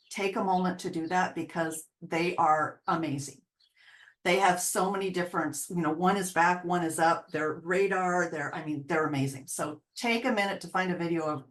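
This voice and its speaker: A woman dog trainer talks through a series of clips in a relaxed, explanatory way. Her voice sits in the middle range, and she now and then slips into little quoted voices for the dogs. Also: medium pitch. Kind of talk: casual narrated video breakdown.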